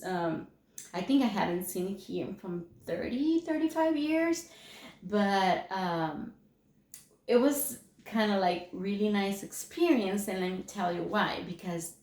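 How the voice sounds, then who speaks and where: A middle-aged woman speaks to a class in a loose, rambling way, full of fillers and false starts. Her voice sits at an ordinary pitch for a woman. The room adds a clear echo around her. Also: a little mellow. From Mexico. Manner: rambling, many fillers and restarts. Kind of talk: personal story talk. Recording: echoey room.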